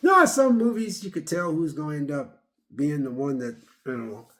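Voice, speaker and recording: Guy rambling thru a movie review, kinda high voice, keeps repeating himself, super animated. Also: moderate pace. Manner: rambling, animated retelling with many repeats and fillers.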